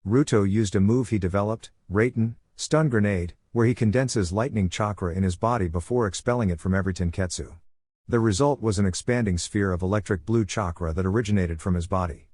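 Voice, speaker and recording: A man reading a fan fiction story aloud in a steady, even narration. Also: lowish voice, brisk.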